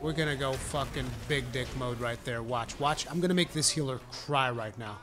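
A man giving live gameplay commentary, with brash, profane trash talk at his teammates and sudden excited shouting. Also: mid-range voice, normal speed, hardly any pauses, a little hiss or hum. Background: game music.

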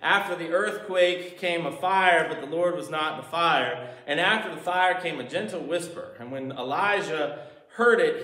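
A man delivers a sermon in a slightly raised voice, swinging from loud, emphatic lines to quiet, low asides. The room around him is echoey. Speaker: pastor.

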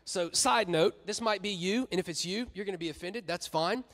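Joking high-voiced youth pastor preaching. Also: male voice, moderate pace. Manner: joking, animated, conversational. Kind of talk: sermon. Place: church hall. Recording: long reverb in a church hall.

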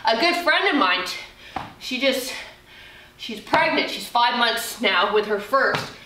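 A woman's voice: on the high side, lively intonation, takes it slowly, noisy background. A woman in her forties leading a dumbbell workout, chatting casually, laughing often and swearing now and then. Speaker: fitness trainer. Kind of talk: workout instruction with casual chat. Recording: roomy echo, voice from a distance.

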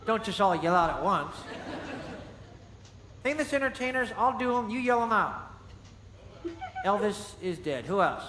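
A man's voice: high voice, lively intonation, measured pace, pauses often, noisy background. A man doing a brash, cocky wooden dummy. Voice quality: brash, insulting. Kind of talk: ventriloquist stage act. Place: large theater stage. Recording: echoey live theater with audience.

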